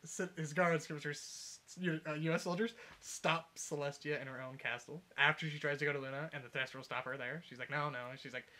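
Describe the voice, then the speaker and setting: A young man casually retelling a fan story, rambling and swearing, sometimes shouting out the characters' lines. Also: on the high side, steady tone, a little fast, few pauses. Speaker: podcast co-host retelling a fanfic. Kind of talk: casual chat, uncensored storytelling.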